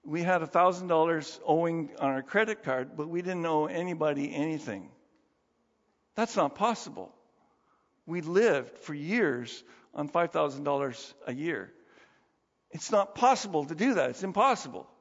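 Middle-aged male pastor, lively conversational sermon, fairly high voice, dull reverberant hall sound. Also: moderate pace. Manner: animated, conversational, with laughs and rhetorical questions.

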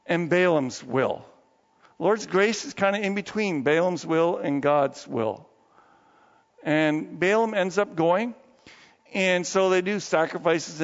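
A man's voice: high-pitched, creaky. A man preaching a sermon, telling a story in a casual, folksy way. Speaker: pastor. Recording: dull lo-fi echoey hall.

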